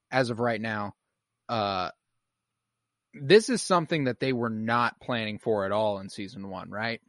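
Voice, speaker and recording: A man's voice: lowish voice, fairly bright tone, dry recording. A man in casual chat about a TV show, laid-back and opinionated, swearing freely.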